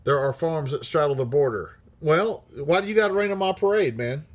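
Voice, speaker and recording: A man's voice: on the high side, fairly quick. A middle-aged man hosting a livestream, reading viewer comments aloud in a blunt, profane manner and laughing often. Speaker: livestream host.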